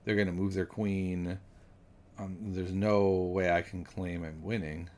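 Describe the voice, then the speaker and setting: A man's voice: deep voice, steady tone, measured pace, a little mellow. A man thinking aloud as he solves chess puzzles, musing and correcting himself, then chatting with viewers. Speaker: chess streamer.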